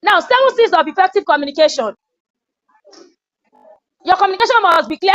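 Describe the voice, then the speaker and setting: A woman with a very high voice runs a classroom training session, animated and demonstrative. The recording is dull and lo-fi, taken in a lecture room. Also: brisk, dry recording. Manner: animated, acts out scolding.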